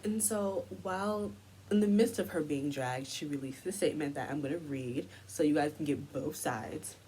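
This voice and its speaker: A woman's voice: deep voice, normal speed, dark tone, slight background noise. A woman giving a heated commentary rant, indignant and sarcastic. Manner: indignant, sarcastic, mocking quoted voices. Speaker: commentary vlogger.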